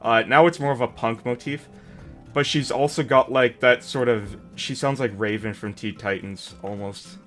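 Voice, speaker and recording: A man's voice: mid-range voice, fairly even intonation, moderate pace, fairly bright tone, soft background music. Rambling, jokey man streamer. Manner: rambling, jokey, self-deprecating. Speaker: streamer host. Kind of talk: casual chat.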